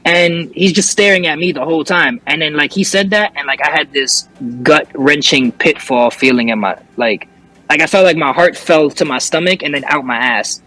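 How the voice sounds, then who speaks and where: A man's voice: a little high, normal speed, pushed and bright, low-quality recording. A young man, a rapper telling a story as an interview guest in casual chat, cursing often and restarting his sentences. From New York.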